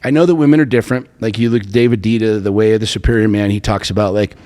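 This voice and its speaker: A man's voice: on the low side, fairly even intonation, racing, dark tone. A man co-hosting a relationship podcast, talking bluntly and emphatically with plenty of profanity. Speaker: podcast co-host. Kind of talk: casual chat. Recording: long hall reverb.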